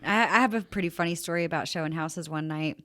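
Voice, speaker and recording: A woman calmly telling a short anecdote in a casual podcast chat. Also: fairly low pitch, quick pace. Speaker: podcast producer.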